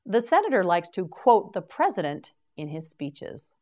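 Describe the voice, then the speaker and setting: A woman teaching English to beginners, carefully enunciating each word and repeating it in a slow vocabulary drill. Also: on the low side, big pitch swings, mellow.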